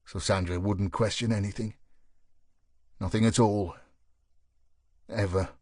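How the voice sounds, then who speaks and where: A man narrating a thriller audiobook in a measured, even way. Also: lowish voice, slightly rough, no echo, studio quality.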